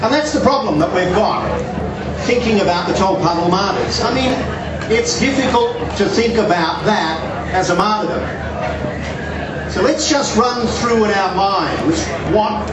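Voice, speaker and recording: A man's voice: sits high, measured pace, heavy background noise. An Australian man, a union organizing director, telling a wry, anecdotal story in a speech to a crowd. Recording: echoey, distant mic with loud crowd.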